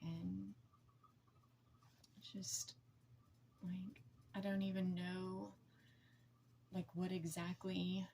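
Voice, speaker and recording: A woman in her forties venting to camera in a raw, blunt, heavily profane way, with halting, emotional phrasing. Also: on the low side, little pitch movement, mellow, slight background noise. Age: 40s. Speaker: vlogger.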